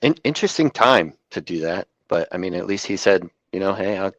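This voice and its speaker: Male co-host, very low voice, relaxed and chuckly, dry recording. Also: fairly quick, no room sound. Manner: easygoing, chuckles often, hedges with "like" and "I think". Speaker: podcast co-host. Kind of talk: casual chat.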